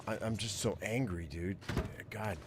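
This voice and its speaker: A man's voice: fairly low pitch, unhurried, noisy background. A man giving casual commentary while playing a video game, swearing often and repeating himself as he grumbles. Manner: casual, swearing, repeats words, grumbles about being angry. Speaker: gaming streamer. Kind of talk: casual let's play commentary.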